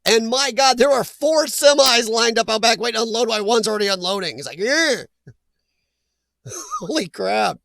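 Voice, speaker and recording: High raspy guy rambling to his stream chat, bright edgy voice, dry close mic. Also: expressive, moderate pace, no room sound. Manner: chatty, laughs often, reads viewer names aloud. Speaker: livestream host reading chat. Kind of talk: casual live chat.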